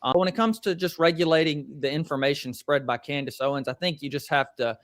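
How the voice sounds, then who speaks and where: A man with a Southern accent, an attorney calmly explaining legal points as a guest on a video call podcast. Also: on the high side, dry recording. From Tennessee, USA. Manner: measured explaining with frequent "you know" and "uh". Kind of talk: legal commentary in a podcast interview.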